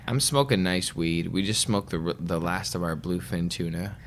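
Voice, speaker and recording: A man's voice: deep voice, normal speed, a little hiss or hum. A man co-hosting a podcast in casual chat, joking and crude. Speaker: podcast co-host.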